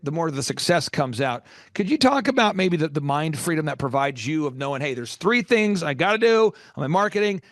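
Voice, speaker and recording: A man's voice: a little high, dry recording, clean studio sound. A man hosting a business podcast who interviews a guest and talks with energy and emphasis, acting out the people in his stories. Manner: energetic, emphatic, acts out quoted voices. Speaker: podcast host and business coach.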